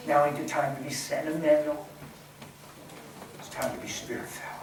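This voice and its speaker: A man preaches, his voice a little high for a man. He moves from hushed, near-whispered lines to loud, excited bursts. He is recorded from a distance in a big, echoing church hall with faint noise behind. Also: moderate pace, pauses often. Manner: passionate, swings from hushed to shouting. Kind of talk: sermon. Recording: echoey hall, voice from far off.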